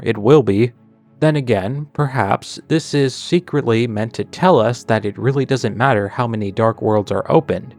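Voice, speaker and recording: A man's voice: medium pitch, a little mellow. A man narrating a character analysis of a video game in a chatty way, drifting into tangents and sarcastic asides. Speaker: video essayist.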